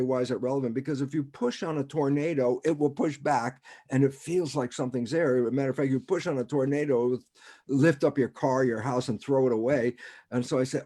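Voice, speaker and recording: A man's voice: medium pitch, dark tone. A man on a video call, explaining in a conversational way and often chuckling as he asks himself rhetorical questions. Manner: rhetorical, keeps asking himself "why is that relevant?". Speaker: guest speaker.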